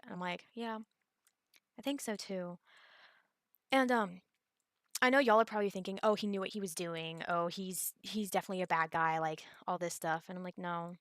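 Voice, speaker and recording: A woman's voice: lowish voice, fairly bright tone, no room sound, clean studio sound. A young woman, telling a personal story in a casual vlog, rambling with many fillers and restarts. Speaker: vlogger.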